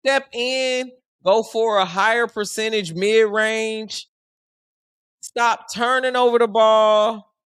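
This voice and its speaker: A man's voice: sits high, takes it slowly, smooth, no echo, studio quality. A young man giving casual, joking live commentary on a basketball game. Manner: animated, joking, slangy and conversational. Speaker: sports commentary streamer.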